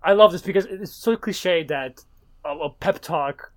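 A man in a casual chat recapping a comic, excitable and swearing freely as he acts out quotes. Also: on the high side, unhurried.

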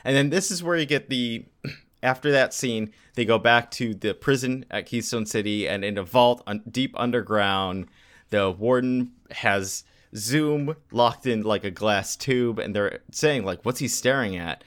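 A man's voice: medium pitch, unhurried, fairly bright tone, smooth. A man co-hosting a casual comic book podcast, rambling through the story and reading comic panels aloud. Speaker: podcast co-host.

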